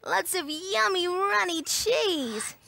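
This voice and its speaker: A woman's voice: extremely high pitch, lively intonation, slow, gravelly, pushed and bright, a little hiss or hum. Sing-song woman hosting for kids. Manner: cheerful, sing-song, encouraging. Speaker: children's show host. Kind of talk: children's TV presenting.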